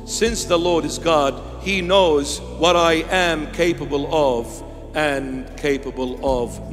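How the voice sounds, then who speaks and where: A man's voice: on the high side, a bit bright, long reverb tail. A man preaching a sermon as a bishop, impassioned, with rhythmic repeated phrases that sometimes lift into song.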